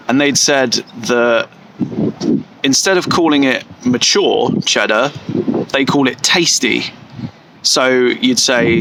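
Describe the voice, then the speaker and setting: A man's voice: medium pitch, bright, forceful tone, a little hiss or hum, rough recording. A man with an English accent musing aloud in a casual vlog, correcting himself as he goes and stretching out words to mimic how they sound. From England. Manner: slow, thinking aloud with restarts and self-corrections; playfully stretches vowels when mimicking pronunciations. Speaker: vlogger.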